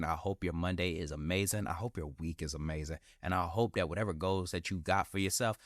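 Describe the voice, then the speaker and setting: A man talks straight to his listeners in a casual motivational monologue, loose and slangy, circling back over his phrases to drive them home. His voice sits very low. The sound is close and dry, with no room around it. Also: no room sound. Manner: candid and animated, slangy, repeats phrases for emphasis. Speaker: podcast host.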